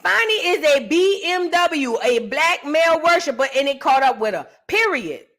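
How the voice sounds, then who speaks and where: High, animated woman commentator. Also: moderate pace. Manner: loud, animated, profane, emphatic repetition. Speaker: host of a reaction show. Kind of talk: casual reaction commentary.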